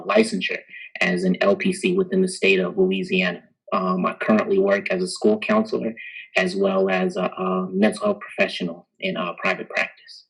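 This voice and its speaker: Male counselor from california, deep husky voice, polite, orderly delivery. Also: rough recording. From Long Beach, California. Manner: polite, orderly self-introduction. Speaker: panel guest, counselor. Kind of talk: casual panel discussion.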